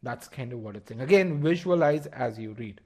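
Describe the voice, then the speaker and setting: A man's voice: mid-range voice, animated, normal speed, warm tone. A man teaching a live online class, asking the audience questions, repeating key points and often restarting his phrases. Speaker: test-prep instructor.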